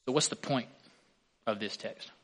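A man delivering a sermon in an earnest pastoral voice of middle pitch. He leans hard into key words and lets them swell, then drops back to a calm, even teaching tone. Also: moderate pace.

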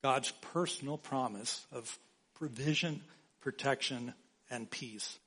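A man preaching a sermon as pastor, slow and emphatic, repeating key phrases for weight. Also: mid-range voice, a bit bright, slightly rough.

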